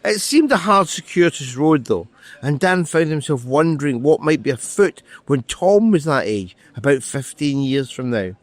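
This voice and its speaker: A middle-aged author reading from his novel and chatting as a guest, wry and quick to correct himself, recorded outdoors by a street. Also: on the high side, animated, no echo. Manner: dry, wry and self-correcting. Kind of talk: reading aloud from a novel, then casual conversation.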